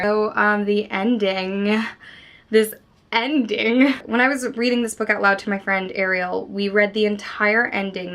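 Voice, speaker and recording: A woman chats about a novel she adores in a casual vlog. She gushes and gets excitable, with a mid-range voice, and drops swear words without a second thought. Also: mid-range voice. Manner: gushing and excitable, swears freely. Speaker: book vlogger. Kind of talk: casual spoiler book discussion.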